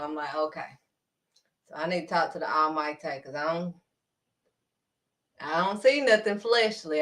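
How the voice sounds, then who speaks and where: A woman preaching in a livestream sermon, animated and calling listeners honey. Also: medium pitch.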